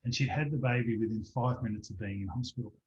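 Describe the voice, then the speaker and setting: A man, a practitioner telling a lively anecdote as a guest in an online interview, acting out the voices of the people in it. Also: mid-range voice, fast, slight background noise. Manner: animated storyteller, acts out voices in anecdotes. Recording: dull lo-fi online call audio.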